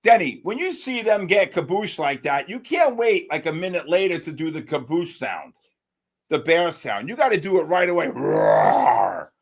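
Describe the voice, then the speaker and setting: A man hosting a live futures trading stream, giving excited, exclamatory market commentary and calling out viewers by name. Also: high voice, moderate pace. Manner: animated, exclamatory, talks to chat by name. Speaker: livestream trading host.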